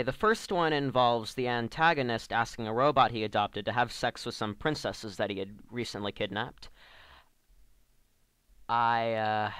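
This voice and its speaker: A man's voice: mid-range voice, a bit bright, clear, resonant tone, no room sound. A man delivering a scripted comedic review rant as an online reviewer, sarcastic and exasperated.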